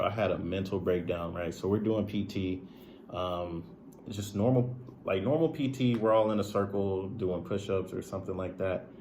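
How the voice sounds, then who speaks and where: A young streamer and video creator with a lowish, darkish voice tells a loose, unscripted story straight to camera, candid and confiding. He rambles, leaning heavily on "like" and checking in with "right?", over slight background noise.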